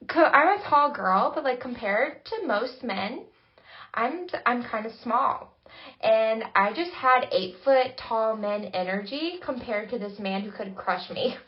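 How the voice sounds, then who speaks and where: A young woman co-hosting a podcast, telling a story with lively voiced-out quotes and frequent laughter. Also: a little high. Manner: animated storytelling, acting out quotes, laughing often. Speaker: podcast co-host. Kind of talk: casual chat. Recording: dull lo-fi recording.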